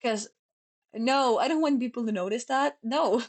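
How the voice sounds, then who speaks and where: Fast-talking Finnish-accented young woman. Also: fairly high pitch. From Finland. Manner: fast, sloppy talker who stumbles over words. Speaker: streamer. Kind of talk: casual chat.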